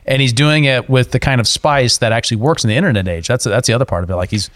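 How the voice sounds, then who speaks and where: A man's voice: mid-range voice, fast, no echo. A male podcast host talking emphatically in a casual political discussion. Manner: emphatic, animated.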